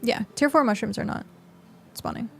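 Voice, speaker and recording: Young woman, game streamer, loose rambling chat, slight vocal fry. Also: fairly high pitch, normal speed, faint music behind. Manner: chatty, rambling, lots of fillers. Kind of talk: casual gameplay commentary.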